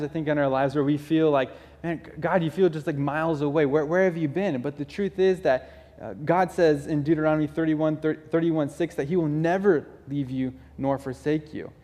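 A somewhat high, mellow male voice belongs to a pastor giving a sermon. He sounds earnest and conversational and repeatedly restarts his phrases, all within the long reverb of a large hall.

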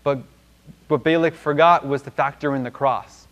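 A man's voice: fairly high pitch, steady tone, moderate pace, fairly bright tone, lo-fi sound. A man teaching a Bible lesson in a loose, conversational way, with many restarts and fillers.

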